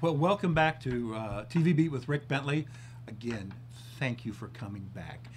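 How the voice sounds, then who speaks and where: A man's voice: medium pitch, animated, moderate pace, music in the background. A man hosting his own TV talk show, chatting casually and a bit self-deprecatingly, sometimes out of breath. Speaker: TV show host.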